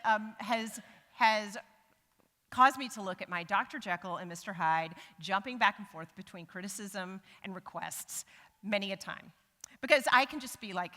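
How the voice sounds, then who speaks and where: A middle-aged woman giving a sermon to a church congregation, animated and humorous, acting out the voices she quotes. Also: mid-range voice, moderate pace. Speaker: church speaker. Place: large church sanctuary. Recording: church hall with long reverb.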